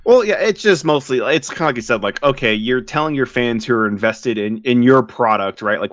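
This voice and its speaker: Podcast co-host, male, mid pitch, relaxed and hesitant, dry lo-fi sound. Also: fairly quick, hardly any pauses, no room sound. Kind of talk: casual sports chat.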